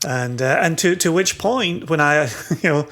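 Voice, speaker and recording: A man from southwest Scotland with a Scottish accent softened toward American, co-hosting a casual podcast chat in a wry, teasing way. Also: on the high side, unhurried. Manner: wry, teasing, laughs often. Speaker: podcast co-host.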